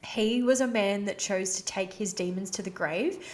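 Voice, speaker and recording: On her confessional podcast, the host talks at a moderate pace in a mid-range voice. Her delivery is casual, heartfelt, candid and emotional, sprinkled with "like" and "you know."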